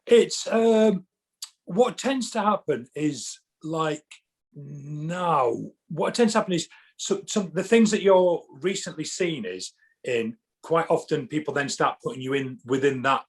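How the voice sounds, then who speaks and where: Husky man telling lively stories. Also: fairly high pitch, measured pace. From England. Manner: animated storyteller, acts out quotes, many restarts. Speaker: podcast guest, actor. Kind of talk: casual chat.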